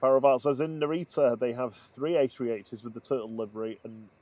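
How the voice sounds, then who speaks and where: A man in casual live commentary, chatty and quick to laugh as he reads out viewer comments. His voice sits at an ordinary middle pitch for a man. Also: fairly even intonation, dark tone. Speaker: live stream co-host.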